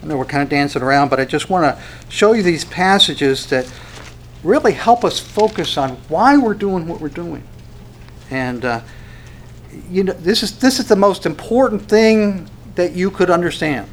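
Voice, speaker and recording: A man preaching a sermon in an animated way, his voice sitting a bit higher than most men's. He breaks into acted-out dialogue and restarts his phrases often. Faint noise hums behind him. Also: normal speed. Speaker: pastor.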